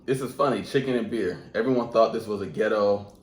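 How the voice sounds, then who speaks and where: A man co-hosting a casual podcast at home, relaxed and wry, telling stories. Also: lowish voice, fairly quick. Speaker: podcast co-host. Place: home room. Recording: echoey room with faint hiss.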